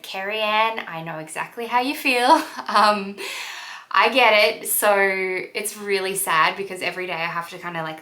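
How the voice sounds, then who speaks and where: Excitable woman, bright voice. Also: lowish voice. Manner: excitable, talks fast and forgets to breathe. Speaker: lifestyle vlogger. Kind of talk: casual chat to camera. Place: home kitchen, indoors. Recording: roomy echoey room.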